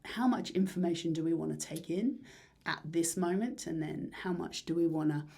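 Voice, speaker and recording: A woman musician talking casually in an interview, rambling and dreamy with many fillers and soft breathy asides. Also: deep voice, moderate pace. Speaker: musician guest.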